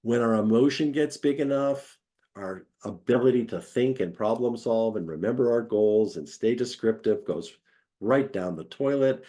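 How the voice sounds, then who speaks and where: A man's voice: on the low side, warm tone. A man giving a conversational academic lecture, acting out quoted voices as he explains.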